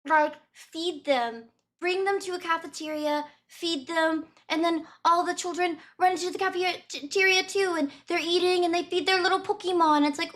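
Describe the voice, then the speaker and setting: A young woman streamer giving casual, animated, giggly reaction commentary. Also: extremely high pitch, moderate pace.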